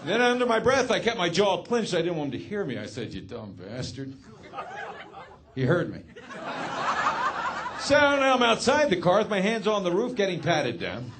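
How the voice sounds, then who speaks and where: A man doing a stand-up comedy set, telling a story in a deadpan, sardonic way. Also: high-pitched, normal speed, a faint crowd.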